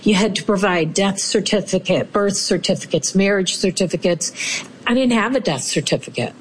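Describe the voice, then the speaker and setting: Woman, personal storytelling, lively, acts out quotes, medium pitch. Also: moderate pace, slight background noise. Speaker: storyteller recounting her experience.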